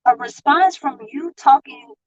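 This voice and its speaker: A woman's voice: sits high, unhurried, no room sound, lo-fi sound. A woman venting in a rambling, profane monologue, heated and repetitive.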